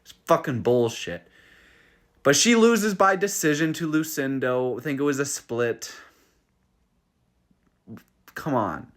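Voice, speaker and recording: A young man hosts a casual solo recap vlog, swearing freely and getting worked up as he rants. He talks off the cuff, stumbling over restarts and trailing fillers, voice sitting at an ordinary middle pitch. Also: slow, long pauses. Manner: profane, ranting, excitable, with restarts. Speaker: fight recap host.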